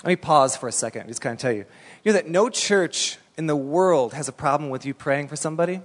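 A fairly high-voiced man preaches in an animated, storytelling way, full of casual "like"s. His voice carries with a long reverb through a large church hall. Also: fast talker. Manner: animated storytelling, colloquial with many "like"s. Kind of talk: sermon.

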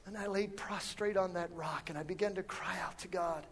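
A man preaching a sermon, telling a story in an animated way and acting out what people said. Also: high voice, moderate pace, vocal fry, a little hiss or hum. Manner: animated storyteller who acts out dialogue.

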